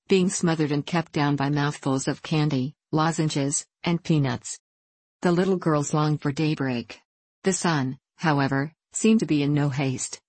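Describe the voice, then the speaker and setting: Woman reading an old kids' story, low voice, dry close sound. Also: darkish tone, no room sound. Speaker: narrator. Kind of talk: storybook narration.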